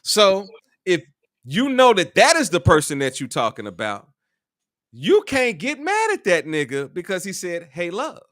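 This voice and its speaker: Lively, bright-voiced man chatting casually. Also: high voice, unhurried, dry recording, clean studio sound. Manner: animated, profane, repeats himself a lot. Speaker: co-host. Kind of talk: casual podcast chat.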